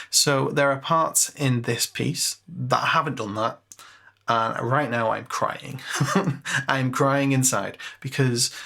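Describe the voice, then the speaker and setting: Male music tutor, mid pitch with some fry, talks casually and thinks aloud at a desk mic. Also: pushed and bright. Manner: chatty, self-mocking, thinks aloud with fillers. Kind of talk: casual screen-share tutorial.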